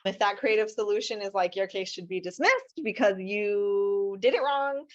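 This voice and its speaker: A woman family law attorney telling lively anecdotes as an interview guest, often acting out what people said. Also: medium pitch, moderate pace, dull audio. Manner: animated, acts out quotes with shifting voices.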